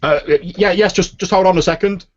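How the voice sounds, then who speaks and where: A man's voice: lowish voice, moderate pace, slightly rough, no room sound, lo-fi sound. A man voicing an old, nervous, lonely male inventor who stammers and hesitates. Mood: flustered.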